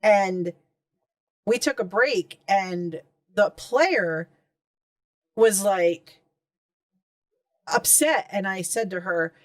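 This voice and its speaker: A woman in casual chat telling an anecdote about a tabletop game she played, in an animated way. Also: mid-range voice, extremely slow, pauses often, dry recording.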